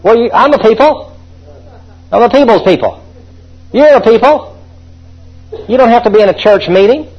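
A man's voice: very high voice, animated, normal speed, pauses often, breathy edge, muffled recording. A man preaching a sermon in a fervent way, calling out to his congregation.

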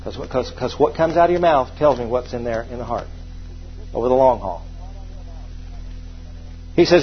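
A man's voice: medium pitch, animated, normal speed, long pauses, breathy edge, dull audio. A man preaching a sermon, emphatic and repetitive, calling on the congregation to repeat phrases back to him.

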